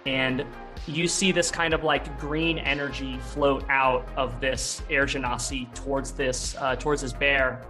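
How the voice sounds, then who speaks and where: A man's voice: mid-range voice, flat delivery, a little slow, music in the background. A man narrating a tabletop role-playing game as game master, rambling with many fillers and restarts.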